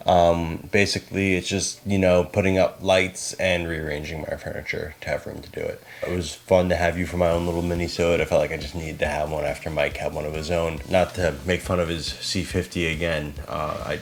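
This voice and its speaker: A man's voice: low-pitched, little pitch movement, fairly quick, hardly any pauses. A young man talking casually and self-deprecatingly to himself as he sets up lights and cameras in a small apartment. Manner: chatty, self-deprecating, muttering to himself while working. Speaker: podcast co-host making a behind-the-scenes video. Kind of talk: casual behind-the-scenes vlog. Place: small apartment set up as a studio.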